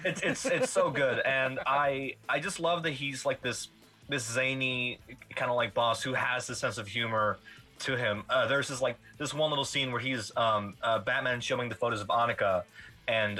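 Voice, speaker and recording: Man, casual podcast chat, bright tone, animated, quotes lines, faint music. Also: medium pitch, moderate pace. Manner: enthusiastic, animated quotes, laughs often. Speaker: podcast panelist. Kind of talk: casual film discussion.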